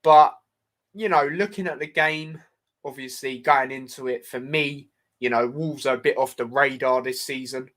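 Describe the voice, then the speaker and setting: Chatty young football lad. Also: male voice, medium pitch, moderate pace, a bit bright. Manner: chatty, filler-heavy, says "do you know what I mean" often. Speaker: football podcast host. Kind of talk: casual football predictions chat.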